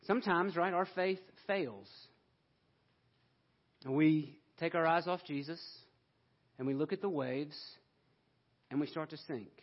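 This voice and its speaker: A man's voice: a little high, unhurried, pauses often, dull audio. A man preaching a sermon in an earnest way, pushing up into emphatic questions.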